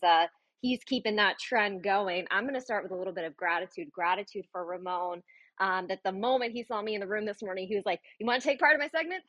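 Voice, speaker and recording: A woman's voice: medium pitch, fairly bright tone, no echo. A woman speaking as a guest in a live audio room, heartfelt and effusive. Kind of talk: casual live audio chat.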